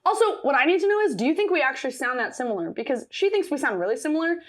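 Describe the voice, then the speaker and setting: A woman's voice: high voice, big pitch swings, racing. A young woman co-hosting a podcast in casual chat, teasing and giggly. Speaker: podcast co-host.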